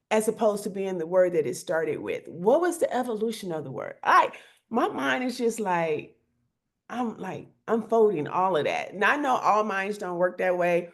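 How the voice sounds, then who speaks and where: A woman hosting a talk show, reflective and inquisitive, musing aloud in casual chat. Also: mid-range voice.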